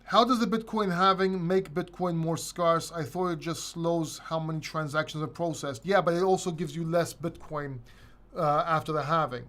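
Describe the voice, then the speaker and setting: Man, livestream host, fairly high voice, casual Q&A, reads chat questions aloud, loose answers. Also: steady tone, normal speed, fairly bright tone.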